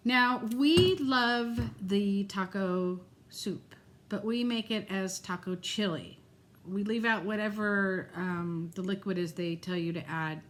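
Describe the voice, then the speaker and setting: A woman's voice: mid-range voice, takes it slowly, a little hiss or hum. Chatty middle-aged woman vlogging. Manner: chatty, animated, laughs often. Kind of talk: casual chat.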